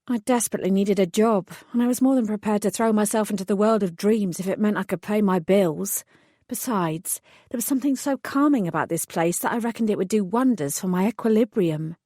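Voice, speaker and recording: A woman's voice: medium pitch, no echo, studio quality. Woman narrating a wry fantasy audiobook. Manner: wry, expressive storytelling. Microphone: close studio mic.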